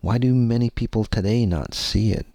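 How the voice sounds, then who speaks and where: A man's voice: on the low side, normal speed, warm tone, no room sound. A man hosting his own podcast, telling a personal story in a candid, meandering way, swearing freely and using many fillers. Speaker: podcast host.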